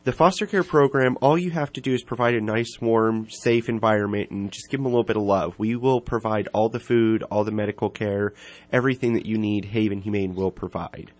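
A man's voice: lowish voice, a little fast, darkish tone. A man from an animal shelter, explaining a foster program in a friendly, informative way. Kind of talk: casual interview.

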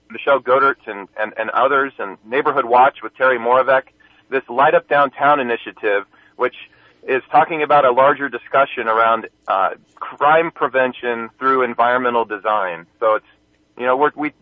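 A man's voice: mid-range voice, dry recording. A man phoning in to a radio show as a local business leader, speaking in an upbeat, informative way with some fillers. His voice comes through a thin, tinny telephone line with a dry, close sound. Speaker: chamber of commerce head, caller. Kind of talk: casual radio call-in chat. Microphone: phone.

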